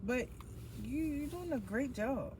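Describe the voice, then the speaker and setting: A woman hosts a relaxed podcast chat, pitched a little high. She talks bluntly and swears freely, and a faint background hiss sits under her voice. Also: slow. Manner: blunt, profane, animated storytelling. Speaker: podcast host.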